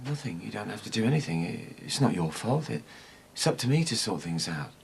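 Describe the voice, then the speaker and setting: An actor playing a guilt-ridden middle-aged father, speaking haltingly and remorsefully. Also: on the low side, very animated, creaky, a little hiss or hum. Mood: resigned. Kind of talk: TV soap drama.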